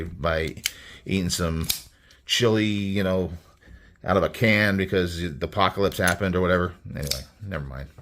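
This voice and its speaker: Man, deep voice, relaxed and rambling, casual product review host. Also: slight background noise. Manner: rambling, easygoing, enthusiastic. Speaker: knife reviewer.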